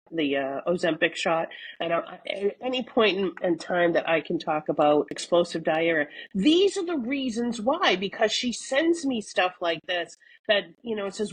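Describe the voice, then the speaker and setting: Husky-voiced woman telling stories. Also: on the low side, low-quality recording. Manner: chatty storytelling, laughing often, swears casually. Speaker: podcast co-host. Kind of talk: casual chat.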